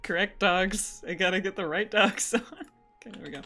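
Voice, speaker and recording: A woman's voice: mid-range voice, normal speed, bright, forceful tone, soft background music. A woman streamer chatting casually while gaming, giggly and flustered, repeating herself.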